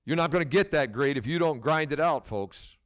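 A man's voice: fairly high pitch, animated, a little fast, fairly bright tone. A middle-aged male pastor preaching a sermon with emphatic delivery, rhetorical questions and frequent restarts.

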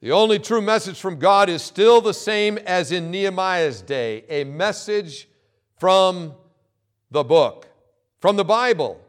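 Guy preaching a sermon, high voice, punches key words over and over. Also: lively intonation. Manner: emphatic preaching with repeated phrases and dramatic pauses. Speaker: pastor.

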